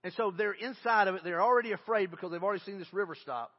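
A man with a high, husky voice preaches in a conversational, animated manner. He moves between reading scripture aloud and retelling it in everyday words. The sound is muffled, and a long reverb hangs in the church hall. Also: fast talker. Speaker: pastor. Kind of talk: sermon.

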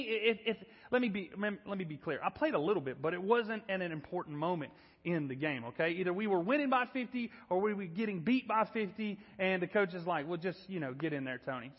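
A man in his thirties preaching a sermon, telling a story in an animated, self-deprecating way. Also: high-pitched, in a large hall, dull audio. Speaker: pastor. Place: church.

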